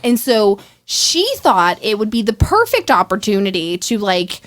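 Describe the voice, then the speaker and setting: A woman co-hosting a podcast in casual chat, chatty and quick to jump in. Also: medium pitch, sing-song, fairly bright tone. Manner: chatty, quick interjections, laughs often. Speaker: podcast co-host.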